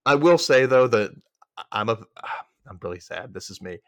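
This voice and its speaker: A man's voice: mid-range voice, normal speed, dry recording. Chatty young man recapping a sitcom. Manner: animated, acts out quotes in silly voices. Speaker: podcast host. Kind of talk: casual recap chat.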